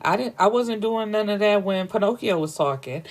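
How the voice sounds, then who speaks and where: A woman voicing a brash young woman who answers with sharp, slangy, mocking comebacks. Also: medium pitch, lively intonation, normal speed, pitched above the performer's own voice, natural voice.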